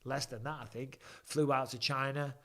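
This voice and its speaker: A man's voice: mid-range voice, fairly even intonation, normal speed, pushed and bright. A man, chatting casually and swearing while commentating a fight and answering viewer questions on a livestream. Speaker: fight companion livestream host. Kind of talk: casual live commentary and chat.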